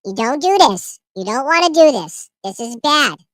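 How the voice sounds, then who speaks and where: A man putting on the slow, simple, sing-song talk of a small child who scolds the grown-ups. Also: very high voice, big pitch swings, a bit bright, no echo, voice pushed up, full character voice. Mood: mock-earnest. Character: whiny baby-talking small child scolding adults.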